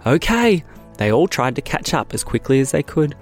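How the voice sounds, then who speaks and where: A man's voice: medium pitch, fairly quick, soft background music. A man hosting a children's podcast, narrating a made-up story in a playful, childlike way.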